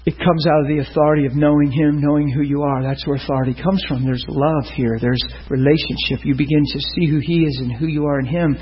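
High husky-voiced male preacher. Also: fast talker, hardly any pauses, lo-fi sound. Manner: animated, acts out voices and laughs often. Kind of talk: sermon with storytelling. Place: church before a live congregation.

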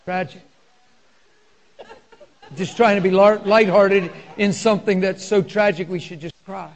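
A male pastor, preaching a sermon in a conversational style and telling personal stories with deep emotion. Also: steady tone, measured pace, highs cut off.

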